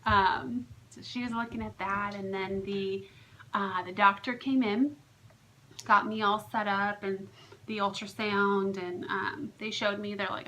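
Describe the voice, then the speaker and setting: Bright-voiced chatty young woman vlogging. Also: mid-range voice, moderate pace, a little hiss or hum, poor audio. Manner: chatty storytelling with many fillers, lively quoted dialogue. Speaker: vlogger, surrogate. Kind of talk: casual vlog recap.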